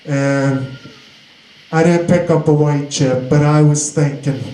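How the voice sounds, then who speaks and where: Speaking slowly and haltingly, a young man shares his recovery story, restarting sentences along the way. His voice is fairly high but mellow and holds a steady tone, and the room he's in echoes noticeably.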